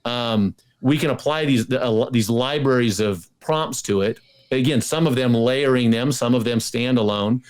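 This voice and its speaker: Excited man full of restarts. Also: mid-range voice, moderate pace. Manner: enthusiastic, many restarts and repetitions. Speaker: guest. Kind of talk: casual interview talk.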